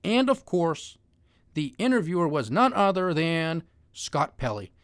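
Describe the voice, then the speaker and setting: A man's voice: a little high, big pitch swings, measured pace, smooth, dry recording. A man giving an opinionated monologue on finance news, sarcastic and mocking, with heavy emphasis.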